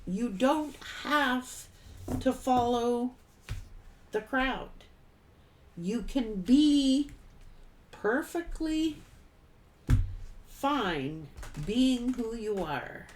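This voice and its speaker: A woman's voice: fairly high pitch, expressive, very slow, pauses often, slight background noise. A middle-aged woman giving a casual tarot reading, blunt and folksy, swearing freely and laughing often. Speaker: tarot reader.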